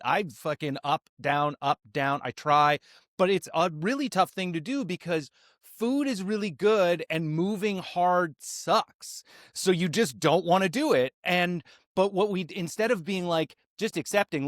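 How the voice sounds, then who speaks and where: A man hosting a podcast who talks in a hesitant, halting way and laughs easily. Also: on the high side, dry recording, studio quality. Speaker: podcast host. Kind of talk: casual podcast conversation.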